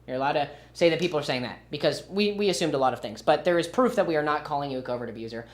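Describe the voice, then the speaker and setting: A man's voice: on the high side, animated, very fast. A young man streaming and commenting casually, with a rambling, sarcastic manner. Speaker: livestreamer.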